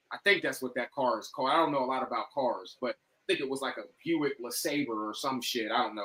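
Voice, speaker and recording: A man on a podcast telling a story casually, animated and profane, acting out what people said. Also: on the high side, rough recording. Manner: animated, profane, acts out quoted lines. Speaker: podcast guest.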